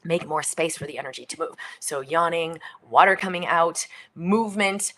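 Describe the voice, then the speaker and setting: A middle-aged woman hosting a book launch livestream, reading and talking in an animated way with some whispered moments. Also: lowish voice, slight background noise. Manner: animated, acts out little quoted voices, drops to near whispers.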